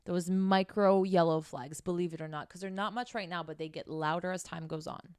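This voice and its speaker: A woman's voice: on the low side, steady tone, brisk, a little mellow, smooth, no echo, studio quality. A woman giving dating advice in a blunt, scolding, casual monologue full of swearing. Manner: casual, conversational. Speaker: dating coach.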